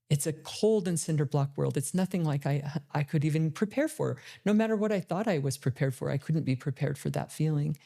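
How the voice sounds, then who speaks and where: A woman in her forties speaks as a motivational speaker, telling her own story with candid emotion. Her voice is mellow and soft-edged, and she often slows down on the hardest memories. She laughs now and then between lines. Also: deep voice. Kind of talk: personal storytelling talk.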